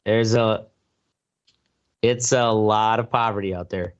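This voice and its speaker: A man's voice: lowish voice, fairly even intonation, takes it slowly, smooth, no echo. A man co-hosting a podcast, talking loosely and offhandedly in casual chat, with lots of fillers. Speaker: podcast co-host. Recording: slightly dull, lo-fi sound.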